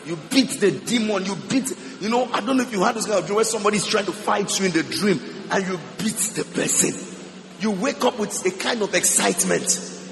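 High, gravelly preaching man in a church hall. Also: fairly quick, faint music behind. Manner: emphatic preaching with shouts and tongues. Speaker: pastor. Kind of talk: sermon.

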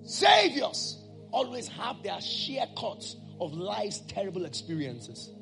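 A man preaching a sermon, calling out to the congregation and rising into shouted, chanted lines. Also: high voice, big pitch swings, takes it slowly, vocal fry, over music.

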